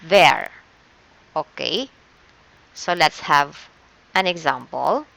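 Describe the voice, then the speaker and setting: A woman's voice: low voice, very slow, creaky, fairly bright tone. A woman teacher with a Filipino accent, patiently leading an online shorthand lesson step by step and checking in with "okay" often.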